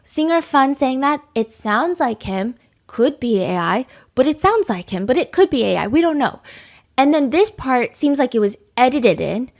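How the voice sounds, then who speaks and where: A woman hosting a podcast, telling a true-crime story in animated casual chat and asking rhetorical questions. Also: sits high, moderate pace. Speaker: podcast host.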